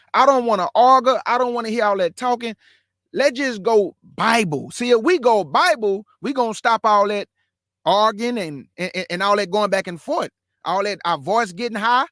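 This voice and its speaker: Male Bible teacher and host, high-pitched and emphatic, dry close sound, casual delivery that keeps repeating its main points. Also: fairly bright tone, no room sound. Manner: emphatic, repeats key phrases, calls listeners "family"; walks through a shared screen map while talking.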